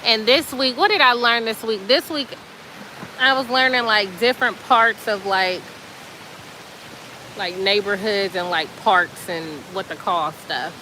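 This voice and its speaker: A woman host telling a story in a casual, chatty way, animated and colloquial with plenty of fillers. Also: mid-range voice, a little slow, slight background noise, rough recording.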